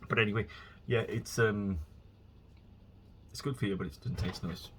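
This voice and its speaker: A man's voice: on the low side, normal speed, fairly bright tone, a little hiss or hum. A man talking in a casual solo monologue, rambling and chatty with frequent restarts as he tells stories. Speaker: vlogger.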